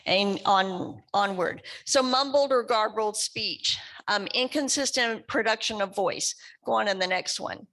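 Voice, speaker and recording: A woman's voice: medium pitch, measured pace, a bit bright. A woman from West Kentucky, a speech therapist giving an educational talk to a support group in a conversational way, often asking the audience questions. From West Kentucky, USA.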